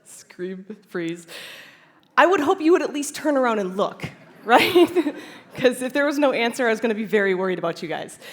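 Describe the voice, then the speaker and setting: A chiropractor speaking at a conference before a live audience, animated and laughing often as she acts out inner voices. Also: a little high, brisk. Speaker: chiropractor giving a conference talk. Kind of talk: lively conference talk.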